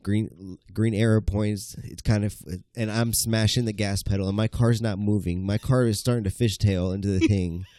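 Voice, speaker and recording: A young man telling a profane, animated story in casual podcast chat. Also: fairly low pitch, normal speed, hardly any pauses, dry recording, clean studio sound. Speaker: podcast co-host.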